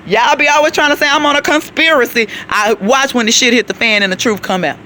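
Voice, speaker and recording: A woman's voice: on the high side, fairly quick, hardly any pauses, bright, forceful tone, a little hiss or hum. Emphatic woman ranting outdoors. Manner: preachy and emphatic, calls listeners child and baby. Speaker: vlogger. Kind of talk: outdoor rant to camera. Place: outdoors on a city walk.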